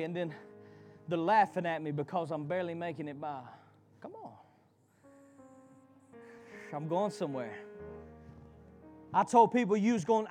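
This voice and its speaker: A man preaching a sermon in call-and-response style, swinging from shouted lines to low, quiet passages.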